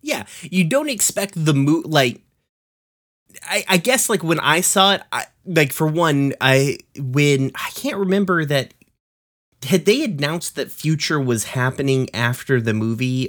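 A man hosting a casual podcast, talking haltingly, laughing often and swearing casually. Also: medium pitch, a bit bright. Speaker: podcast host. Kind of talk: casual chat.

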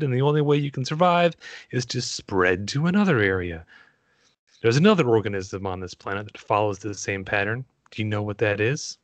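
A man performing an impression of a cold, menacing male machine agent who despises humans, with a put-on Australian-New Zealand accent and slow, measured delivery. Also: medium pitch, no room sound, lightly acted. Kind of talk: dramatic film-monologue impression.

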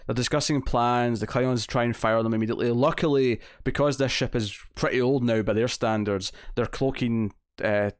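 Male podcast co-host, mid-pitched, rambly, dry close sound. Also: fairly even intonation, normal speed, few pauses, dry recording. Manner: rambling, lots of fillers and restarts. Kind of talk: casual chat.

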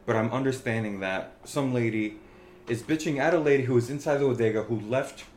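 A man's voice: mid-range voice, brisk, a little mellow, a little hiss or hum. Rambling, swearing New man. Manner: rambling, heavy swearing, storytelling. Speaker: podcast host. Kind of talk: casual chat. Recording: echoey room.

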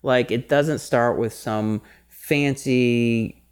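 A man co-hosting a casual podcast chat, animated and rambling, often breaking into laughter. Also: medium pitch, very slow, smooth. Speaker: podcast co-host.

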